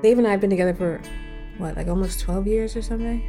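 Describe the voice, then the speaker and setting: A woman in casual conversation, telling a personal story in an animated, emphatic way with many fillers. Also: mid-range voice, fast talker, music in the background. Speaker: partner sharing a personal story.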